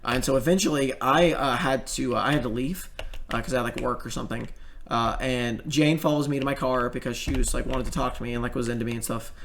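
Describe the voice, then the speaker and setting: A man's voice: medium pitch, fairly even intonation, fast talker, vocal fry, fairly bright tone, a little hiss or hum. A young man telling a story in casual commentary, rambling and swearing, with many fillers and restarts.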